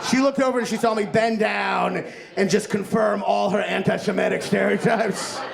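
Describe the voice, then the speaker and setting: A young man from Kentucky performing a stand-up set in a comedy club, animated and punching up his lines with loud exclaimed bursts. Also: sits high, moderate pace, creaky. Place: comedy club with laughing audience. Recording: roomy club with crowd laughter.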